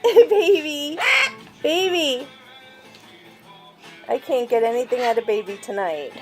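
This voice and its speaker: A woman's voice: high-pitched, expressive, slow, a little mellow, faint music behind. A woman filming her pets at home, coaxing them in sing-song baby talk and asking a bird to talk. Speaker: pet owner and vlogger. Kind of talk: casual pet vlog.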